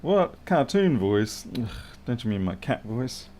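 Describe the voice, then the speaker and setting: A man's voice: mid-range voice, big pitch swings, a little slow, mellow, a little hiss or hum. A man thinking aloud and muttering to himself as he works through a live repair stream. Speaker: electronics repair technician.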